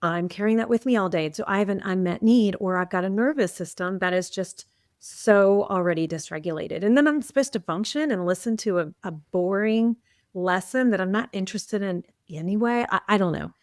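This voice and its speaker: A woman's voice: medium pitch, a little fast, no room sound, clean studio sound. A woman who coaches teachers, talking earnestly and thoughtfully as a podcast guest. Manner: earnest, thoughtful, talks through ideas. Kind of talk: casual conversational.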